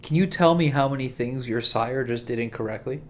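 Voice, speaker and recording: A man voicing a stern, condescending young-looking male vampire prince at a tabletop game, speaking in a cold, measured, quietly lecturing way. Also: medium pitch, a little hiss or hum, natural voice.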